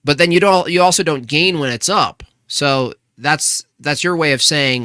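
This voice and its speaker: A man's voice: on the high side, moderate pace, bright, forceful tone, clean tone, dry recording, studio quality. A man hosting a casual live stream, arguing with chat and asking pointed rhetorical questions. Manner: argumentative, rhetorical questions, restarts.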